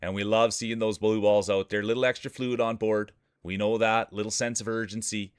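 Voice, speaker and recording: A man's voice: lowish voice, fairly even intonation, moderate pace, clear, resonant tone, no echo, clean studio sound. A man commentating marble races live on stream in a hyped announcer patter, chatting with his viewers between calls. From Canada. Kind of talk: playful sports-style race commentary.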